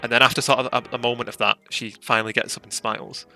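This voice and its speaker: Bright-voiced game master narrating. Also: male voice, mid-range voice, flat delivery, fast talker, creaky. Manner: chatty, jokey, restarts often.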